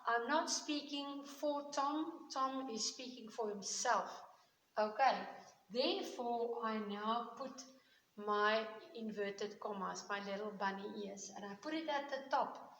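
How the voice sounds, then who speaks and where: A woman's voice: a little high, a bit bright. A woman teacher giving a grammar lesson to children, explaining patiently step by step and checking in often. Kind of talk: recorded classroom grammar lesson. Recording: echoey room with long reverb and faint hiss.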